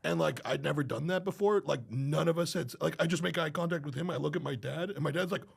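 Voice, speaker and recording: Male podcast guest, gravelly and raspy, loose and profane. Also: fairly high pitch, quick pace. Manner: profane, animated storytelling with frequent laughter. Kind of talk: casual chat.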